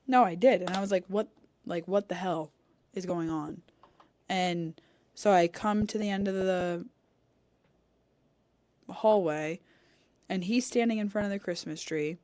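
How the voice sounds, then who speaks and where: A woman's voice: on the low side, takes it slowly, long pauses, no echo. A young woman co-hosting a podcast, telling a story in casual chat and animatedly acting out the dialogue. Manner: animated, acts out quoted dialogue, cusses. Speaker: podcast co-host. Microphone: studio podcast mic.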